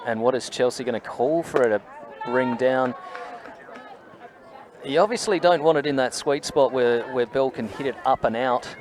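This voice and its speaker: A man's voice: mid-range voice, normal speed. Enthusiastic Australian colour commentator, man. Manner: enthusiastic, analytical. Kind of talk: live sports commentary. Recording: outdoor broadcast with crowd and ambient noise.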